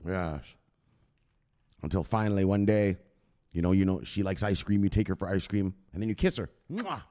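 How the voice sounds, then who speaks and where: A man hosting a crypto channel, chatting excitedly and profanely, who shouts out exclamations and then drops to low mutters. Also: moderate pace. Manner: swings between loud bursts and low mutters. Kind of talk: excited unscripted livestream chat.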